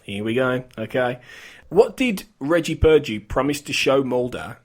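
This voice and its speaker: A man's voice: medium pitch, expressive, measured pace. A man hosting a podcast, running a quiz in casual chat and laughing often. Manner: giggly, chatty quizmaster. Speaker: podcast host.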